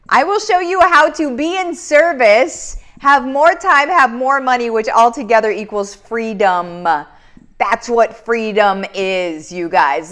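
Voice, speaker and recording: A woman's voice: mid-range voice, fairly bright tone. Upbeat woman hosting a live Q&A. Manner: upbeat and effusive, motivational. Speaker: live Q&A host. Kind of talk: casual live-stream chat reading comments.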